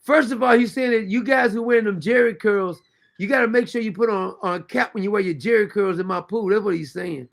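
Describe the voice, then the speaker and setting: A man hosting a talk show, commenting loudly and incredulously on played clips. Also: sits high, brisk, vocal fry. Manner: incredulous, loud outbursts, frequent laughter. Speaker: show host. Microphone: streaming mic.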